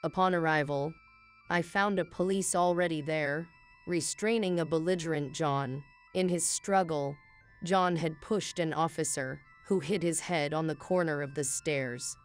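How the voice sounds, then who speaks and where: A woman narrating a scripted first-person story in a calm, cool, measured manner. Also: deep voice. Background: faint music.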